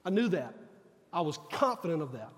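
A pastor speaks with a fairly high voice, telling a personal story in a sermon. He acts out quoted dialogue with earnest feeling. His voice carries the long reverb of a large church. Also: sing-song, fairly quick. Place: church sanctuary.

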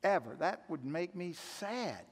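An older man preaching a sermon as pastor, conversational and earnest, swinging from hushed to loud. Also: high-pitched, very animated, slow pace, breathy edge. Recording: echoey hall reverb.

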